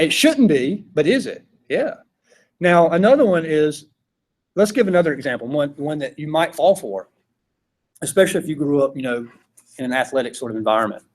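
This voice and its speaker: This is a philosophy lecture from a man with a Georgia Southern accent and a voice that's a little high and a little mellow. His style is conversational, and "right?" comes up over and over as he checks in with the class.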